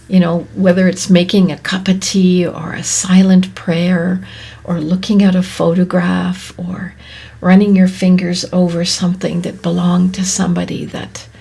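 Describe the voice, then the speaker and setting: A woman hosting a podcast, speaking in a soft, often whispery, reflective way, her voice catching with emotion. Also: fairly low pitch, vocal fry, husky. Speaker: podcast host. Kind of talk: slow reflective monologue.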